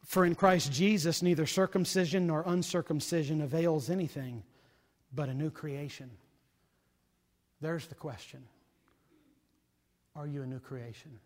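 An earnest male preacher with a somewhat high voice, pressing his points with urgency. He swings from loud, emphatic bursts down to hushed, quiet phrases. His voice rings out with the long reverb of a large hall. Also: a little slow, long pauses. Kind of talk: sermon.

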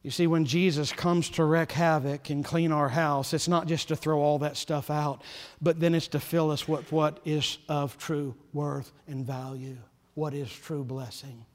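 A man preaching a sermon as pastor, passionate, his voice swelling loud and then dropping soft. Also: a little high, little pitch movement, measured pace. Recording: long hall reverb.

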